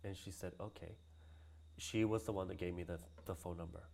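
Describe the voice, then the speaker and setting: A man's voice: deep voice, steady tone, a little fast, creaky, darkish tone, slight background noise. A man telling a story in a casual interview, laughing often and acting out the voices of the people he quotes. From Hawaii. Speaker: guest, cultural practitioner.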